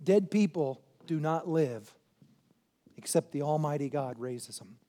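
A male pastor preaching a sermon. He fires rhetorical questions at the congregation and swings from loud shouting to quieter intensity. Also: a little high, animated, measured pace.

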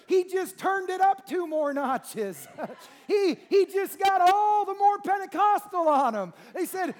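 High-voiced preacher, swinging loud and soft. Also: male voice, animated, unhurried. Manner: preaching with sweeping swings from hushed to shouting. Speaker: pastor. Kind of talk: sermon.

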